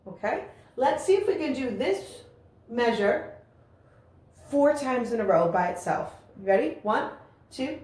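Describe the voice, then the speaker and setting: A woman's voice: sits high, lively intonation, unhurried, pauses often, a little mellow. A woman teaching a music lesson, explaining rhythms and chanting rhythm syllables aloud with encouragement. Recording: very echoey room with faint ambient noise.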